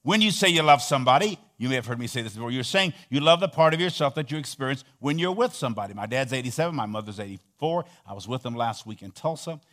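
A middle-aged man delivers a sermon in a mid-range voice, building to loud emphatic peaks and then dropping to soft, hushed lines. He leads his congregation in call-and-response, having them repeat phrases back to him. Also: medium pitch, lively intonation, fast talker, hardly any pauses. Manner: dynamic preaching, swinging between loud emphatic peaks and soft near-whispered passages. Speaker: pastor.

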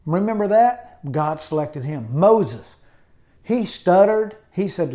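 A man's voice: sits high, expressive, slow, warm tone. A man preaching a sermon in an emphatic style, often adding amens and hallelujahs. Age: adult with college degree. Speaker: pastor.

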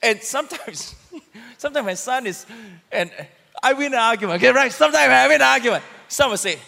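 A man preaching about marriage, acting out arguments in a lively, animated way. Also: extremely high pitch, fairly quick, gravelly. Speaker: pastor. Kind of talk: sermon teaching with a couple. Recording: long hall reverb.

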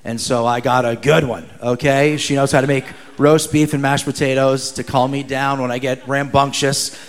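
A man from New Jersey preaching as a guest, telling funny stories with animated, joking energy. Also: medium pitch, normal speed. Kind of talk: sermon with humorous storytelling.

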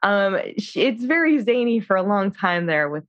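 Her medium-pitched, sing-song voice moves at a normal speed as this podcast co-host runs through a film in a relaxed, filler-packed way, playing out the characters' lines. The recording is dry and slightly dull.

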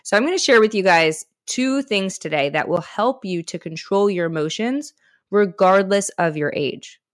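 A woman's voice: medium pitch, animated, normal speed, dry recording, clean studio sound. A woman hosting a self-help podcast, talking frankly and encouragingly in a conversational way. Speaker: podcast host and author. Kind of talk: candid self-help talk.

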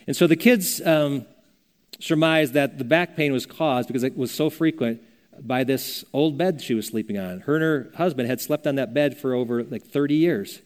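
A man's voice: mid-range voice, normal speed, darkish tone. An older man preaching a sermon as a pastor, earnest and conversational, telling stories as he teaches. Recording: long reverb of a church hall.

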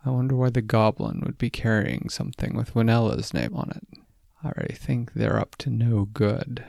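A man's voice: medium pitch, normal speed, creaky, a little mellow, no room sound, clean studio sound, lightly acted. A man voicing a male wolf who loves tickling, blunt and stubborn. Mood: suspicious.

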